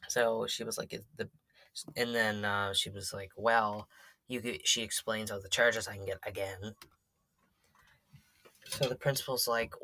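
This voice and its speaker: A man's voice: lowish voice, normal speed, pushed and bright. A teenage boy casually telling a story as a vlogger, rambling with lots of fillers and swearing. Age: teens.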